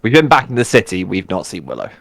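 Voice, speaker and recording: A man's voice: deep voice, sing-song, fast, creaky, fairly bright tone, no room sound. A man playing in a tabletop game, chatting casually with a wry, joking manner. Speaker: player.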